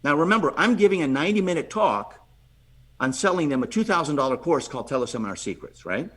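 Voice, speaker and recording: A man, a podcast guest, telling a lively story and acting out the voices of the people in it, often restarting and repeating words. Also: fairly high pitch, quick pace, breathy edge. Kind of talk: animated storytelling.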